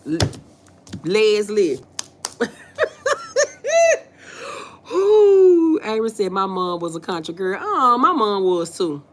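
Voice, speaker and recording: Casually hosting a livestream, a Southern-accented woman talks a little slowly in a medium-pitched voice. She reads the chat aloud and replies in a folksy, playful, animated way, with frequent laughs.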